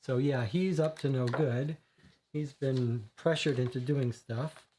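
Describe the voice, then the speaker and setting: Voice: mid-range voice, takes it slowly, warm tone, a little hiss or hum. A livestreamer playing a co-op detective board game, thinking aloud with many fillers and reading the case text. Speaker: board game player and streamer.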